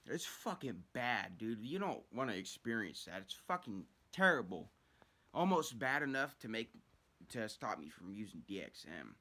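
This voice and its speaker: A man's voice: fairly low pitch, very animated, normal speed, sharp tone. A young man telling a personal story in a casual, rambling way, swearing often and restarting his sentences. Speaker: storyteller vlogger.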